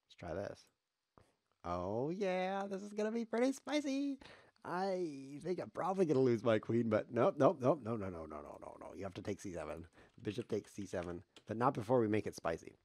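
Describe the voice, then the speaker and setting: A man's voice: mid-range voice, sing-song, moderate pace, darkish tone, dry recording, studio quality. Sarcastic man narrating his chess game. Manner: sarcastic, self-mocking, grumbling. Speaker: chess streamer and commentator. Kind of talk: live-stream chess commentary while playing.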